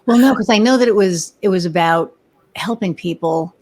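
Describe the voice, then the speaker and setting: A woman's voice: mid-range voice, moderate pace. A middle-aged woman, a business owner, telling stories in casual chat and acting out the voices of the people she quotes. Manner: animated storyteller, acts out quoted voices. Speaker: podcast guest, business owner.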